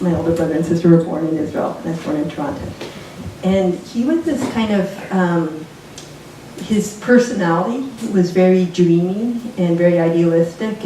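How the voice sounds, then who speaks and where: Woman author, low and mellow, reflective storyteller; distant mic, very roomy. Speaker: author at a book event. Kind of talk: live onstage conversation. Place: bookstore event space with audience. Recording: very echoey room, mic far off, faint noise.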